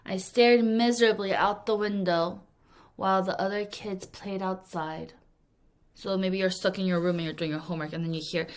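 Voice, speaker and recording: A woman's voice: mid-range voice, measured pace, fairly bright tone. A woman teaching English vocabulary to young students in a recorded lesson, acting out example sentences playfully and laughing often at her own acting.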